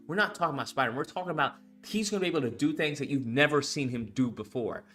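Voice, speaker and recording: A young man hosting his channel, ranting casually about marketing and hype, profane and animated, mocking people with put-on quotes. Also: fairly high pitch, fairly quick, faint music behind. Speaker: channel host. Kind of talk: casual commentary monologue.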